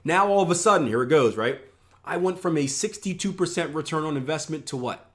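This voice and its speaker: This trading coach's voice is slightly high, animated, fairly quick, and fairly bright as he teaches casually over a screen share. Going through charts conversationally, he asks "right?" again and again and makes self-mocking asides.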